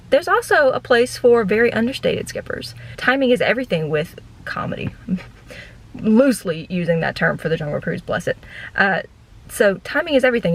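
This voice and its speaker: A woman in her thirties chatting casually in a storytime from her car, deadpan and rambling, with lots of "like" fillers. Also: medium pitch, low-quality recording. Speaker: vlogger and former theme park ride guide.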